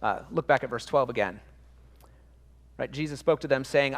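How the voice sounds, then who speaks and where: A man's voice: mid-range voice, moderate pace, pauses often, big-room sound. A man preaching a sermon in church, earnest and emphatic, stacking up repetitions and restarting phrases as he works through a thought. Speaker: pastor.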